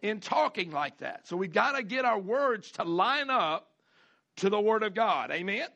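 Male pastor, high bright voice, folksy sermon delivery with call-and-response. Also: animated, gravelly. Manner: folksy preaching with call-outs, repeats and drawn-out emphasis.

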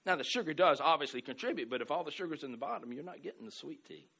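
A middle-aged man from the American South delivers a storytelling sermon in a bright, forceful voice pitched a little high. He restarts and repeats words often. He swings between loud exclamations and quiet asides. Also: lively intonation, racing, gravelly, breathy edge. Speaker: pastor.

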